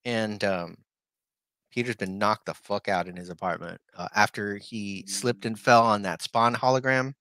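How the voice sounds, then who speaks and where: A man's voice: fairly low pitch, normal speed, sharp tone, no echo. A man co-hosting a podcast, chatting in a laid-back, agreeable way about comics. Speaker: podcast co-host. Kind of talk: casual comic book discussion.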